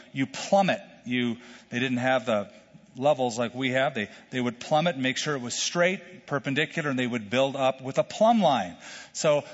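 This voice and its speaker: A man preaching a verse-by-verse sermon, animated, repeating words as he goes and acting out the shouts in the story he tells. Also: on the high side. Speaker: pastor. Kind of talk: expository sermon with a told joke. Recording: dull, distant church hall sound.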